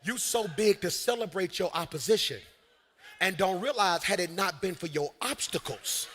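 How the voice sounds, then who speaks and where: A man preaching in a large church hall, with a high, bright, cutting voice. He works the crowd and builds to shouted peaks. A long reverb trails every line. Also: normal speed. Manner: energetic preaching with shouted peaks and call-and-response asides. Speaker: senior pastor. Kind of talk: live sermon.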